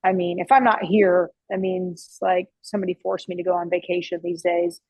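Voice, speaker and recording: A woman's voice: on the low side, level tone, normal speed, darkish tone, husky, no room sound, low-quality recording. A woman who owns and cooks at a barbecue restaurant, telling stories in a casual interview, chatty, with many restarts and the odd casual swear. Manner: chatty, with frequent restarts and fillers. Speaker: barbecue restaurant owner and chef. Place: her restaurant.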